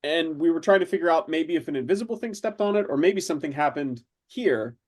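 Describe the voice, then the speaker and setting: A man's voice: on the high side, animated, fast talker, darkish tone, no echo. A man playing a soothing, stammering HR agent. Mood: awkward. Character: gentle, halting male HR agent.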